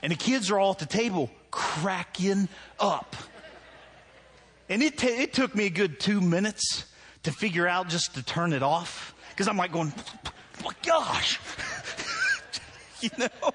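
A man in his forties preaching a sermon in a church, telling stories and acting out his own anger in loud bursts. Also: high-pitched, moderate pace, slightly rough. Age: 40s. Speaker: pastor.

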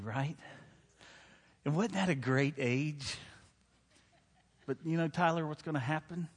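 Joking pastor in an echoing hall. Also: male voice, medium pitch, steady tone, normal speed, slightly rough. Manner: conversational, joking, asks the crowd "right?". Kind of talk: sermon with personal stories. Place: church hall. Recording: long hall reverb.

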